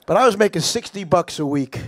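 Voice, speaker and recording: Older American man, interview guest, raised pitch, animated raconteur with halting restarts. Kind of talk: casual storytelling interview.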